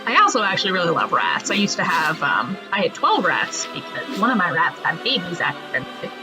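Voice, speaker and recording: A woman's voice: fairly low pitch, sing-song, fairly quick, music in the background. A woman giving casual gameplay commentary, chatty and jokey, laughing often as she plays. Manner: chatty, laughs often, jokes about the game. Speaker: let's play gamer. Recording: slightly muffled lo-fi audio.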